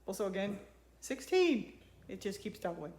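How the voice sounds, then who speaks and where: Very animated and speaking at normal speed, this woman has a mid-range voice heard in an echoey room with background noise. She hosts a sewing channel, giving a casual tutorial at home and chatting with her dog while she works.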